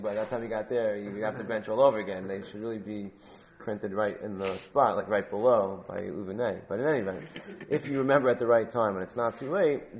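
A man's voice: on the low side, a little mellow, slight background noise. A man teaching a Talmud class, prompting his students with questions and repeating phrases for emphasis.

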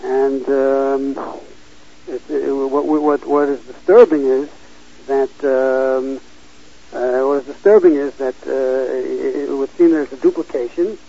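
A man teaching a Torah class, halting often with fillers and restarts as he reads verses aloud and explains them. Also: medium pitch, fairly even intonation, creaky, mellow. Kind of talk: Bible class lecture. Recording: dull lo-fi recording.

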